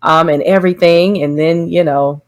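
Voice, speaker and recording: A woman co-hosting a relationship podcast in casual chat, thinking out loud with quick asides and short affirming replies. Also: fairly low pitch, steady tone. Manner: reflective, quick asides, lots of affirming "mm-hmm". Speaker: podcast co-host.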